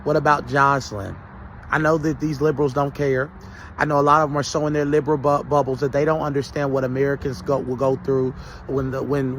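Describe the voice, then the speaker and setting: Heated guy ranting, trips over his words, middle pitch. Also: fairly bright tone, slight background noise. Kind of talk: political commentary.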